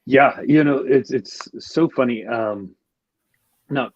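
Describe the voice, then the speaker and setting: A man's voice: mid-range voice, a little mellow, dry recording, lo-fi sound. A male podcast guest talking casually and reflectively, often restarting his sentences. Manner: reflective, halting, many restarts. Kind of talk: casual conversation.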